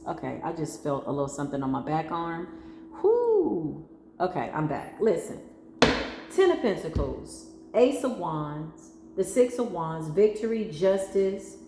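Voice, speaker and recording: A woman's voice: mid-range voice, darkish tone. An emphatic woman with a Spanglish-tinged accent reads tarot cards for her audience, her delivery slangy and preachy. She is recorded in an echoey room, with faint ambient noise behind her. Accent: mixed Spanglish accent. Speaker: tarot reader. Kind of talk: spiritual tarot reading.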